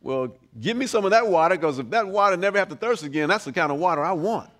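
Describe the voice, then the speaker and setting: A man's voice: high-pitched, lively intonation, quick pace, fairly bright tone. A preacher voicing a weary woman at a well in a casual, plainspoken way. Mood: eager.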